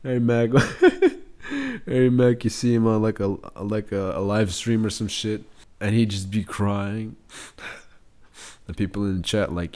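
A man giving casual, excitable, profane commentary on a video as a reaction host. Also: on the low side, a little slow.

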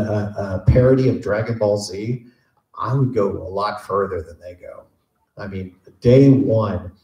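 A man in his fifties from Texas, telling stories and joking as a voice actor answering questions at a convention panel. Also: on the low side. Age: 50s. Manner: animated joking storyteller. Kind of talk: casual convention Q&A. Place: large convention panel room. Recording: echoey convention hall.

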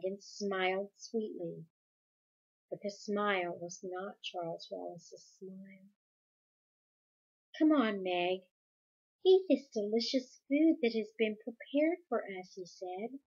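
A woman reading a children's novel aloud chapter by chapter, gentle, closing with a spoken blessing. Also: mid-range voice, highs cut off.

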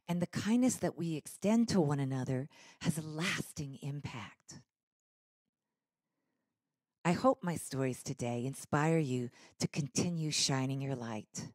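A woman guest speaker telling a sermon story in a lowish voice. Her delivery is gentle and reflective, often sinking to a soft hush. The sound is close and dry. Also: no room sound. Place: church service.

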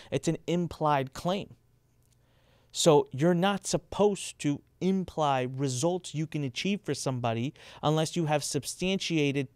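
A man talks casually straight to camera about marketing compliance, slightly high-pitched with a smooth, resonant tone. He is emphatic and slips into quoted voices to make his points. The sound is dry and close. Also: darkish tone, no room sound. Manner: emphatic, acts out quoted speakers with raised pitch. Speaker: host explaining marketing compliance. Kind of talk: casual explanatory talk to camera.

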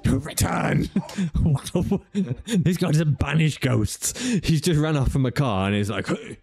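Sweary, lively reaction-video man. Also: fairly high pitch, measured pace. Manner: laughing, sweary, playful banter. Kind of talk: reaction commentary. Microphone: studio podcast mic.

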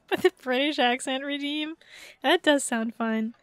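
A woman streamer chatting in a casual, rambling way between bouts of gameplay, laughing often. Her voice sits high and bright, recorded close and dry with no room sound. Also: slow, dry recording. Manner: giggly, rambling, playful. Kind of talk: casual live-stream chat.

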